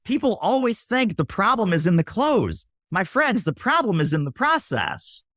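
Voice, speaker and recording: A man talks sales on a podcast with a lively, swooping delivery. He acts out little scenes of buyers and waiters and keeps checking in with "right?" The sound is close and dry. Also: sits high, normal speed, no room sound. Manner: punchy teaching tone, often tags lines with "right?". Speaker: podcast guest, sales expert. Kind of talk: casual interview talk.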